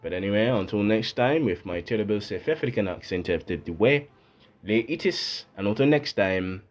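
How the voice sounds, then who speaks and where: Deep-voiced man narrating history casually. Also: animated, fairly quick, soft background music. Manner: rambling asides, thinks aloud with fillers. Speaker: history channel host.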